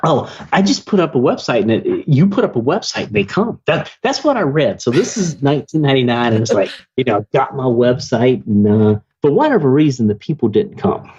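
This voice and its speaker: Chatty Southern man with a husky voice. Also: mid-range voice, animated, fairly quick, hardly any pauses, darkish tone, muffled recording. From South Carolina, US. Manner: chatty, joking storyteller. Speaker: podcast guest, business owner. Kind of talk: casual interview chat.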